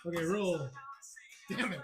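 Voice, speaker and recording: Game master narrating a tabletop game, laughs a lot, cusses, music playing loud behind. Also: mid-range voice, a little slow. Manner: laughs often, swears casually.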